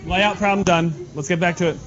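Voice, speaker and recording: A male math teacher giving a lively, joking lesson to his class in a classroom. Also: high voice, a little fast. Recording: dull lo-fi classroom recording with faint noise.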